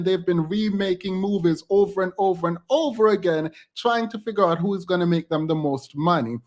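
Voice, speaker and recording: Sassy, emphatic male commentator. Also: high voice. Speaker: commentary channel host. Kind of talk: reaction commentary.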